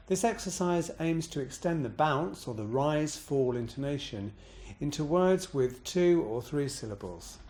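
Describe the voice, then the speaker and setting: Slow, higher-pitched male voice coach. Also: a little mellow. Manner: slow, clear, demonstrates pitch bounces on words. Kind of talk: instructional voice exercise demo.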